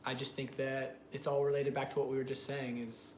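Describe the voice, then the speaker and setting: Male co-host, mid pitch, hesitant conversational answers, echoey room. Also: level tone, brisk, slight background noise. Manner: hesitant, thinks aloud with fillers. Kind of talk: casual conversational chat. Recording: echoey room, faint ambience.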